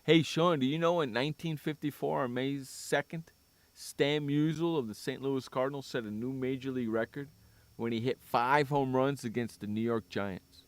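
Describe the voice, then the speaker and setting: A man's voice: medium pitch, moderate pace, no room sound. A man hosting a sports radio show in casual chat, teasing his co-host, joking and repeating himself. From San Diego.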